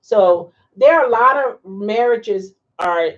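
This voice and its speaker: A woman's voice: fairly high pitch, expressive, takes it slowly, highs cut off. A woman hosting a casual livestream, chatting and reacting to viewer comments with frequent laughs. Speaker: livestream host.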